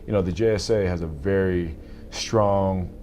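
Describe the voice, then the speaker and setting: A man, an actor, answering interview questions in a thoughtful, measured way. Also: low voice, mellow, a little hiss or hum.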